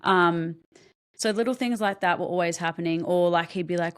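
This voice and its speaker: A young adult woman speaking as a podcast guest, telling her own story in a lowish voice. She talks candidly and haltingly, stopping to restart her sentences and filling pauses with ums. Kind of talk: personal story told in an interview.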